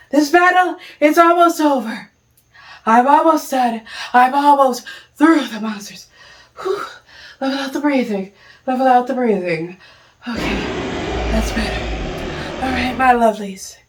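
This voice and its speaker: A woman playing herself as an out-of-breath adventurer fighting through monsters, panting and calming herself in a playful comic skit. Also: fairly high pitch, natural voice. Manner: panting, self-soothing, playful.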